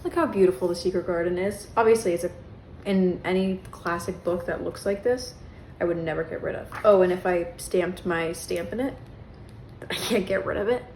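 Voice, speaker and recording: A woman's voice: on the low side, normal speed, darkish tone, a little hiss or hum. A young woman vlogging casually about her books, chatty and self-mocking, with plenty of "um" and "like" as she rambles. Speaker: book vlogger. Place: bedroom. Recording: echoey room.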